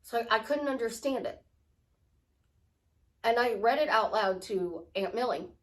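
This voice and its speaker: A woman's voice: a little high, animated, unhurried. Chatty woman life coach. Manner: chatty, rambling, acts out little dialogues. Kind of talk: casual spiritual talk to camera.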